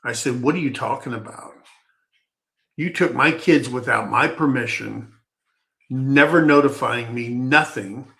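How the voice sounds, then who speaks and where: A man talks slowly and unhurriedly, letting a personal story wander in a folksy, rambling way. His voice is bright and forward, and he often trips over his words and starts a sentence again. It feels like relaxed podcast chat rather than scripted delivery. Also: medium pitch, creaky. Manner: rambling, folksy, halting with restarts.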